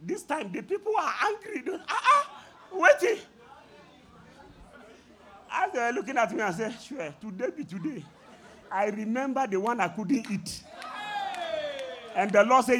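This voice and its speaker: A man preaching a sermon, telling a story with laughter and sudden shouted peaks. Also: very high-pitched, animated, moderate pace, pauses often. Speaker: pastor.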